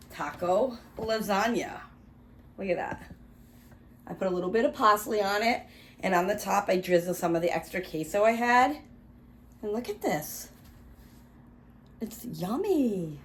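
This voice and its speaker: A woman's voice: medium pitch, slight background noise. A woman hosting a casual cooking vlog, chatty and talking while she eats. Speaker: cooking vlogger.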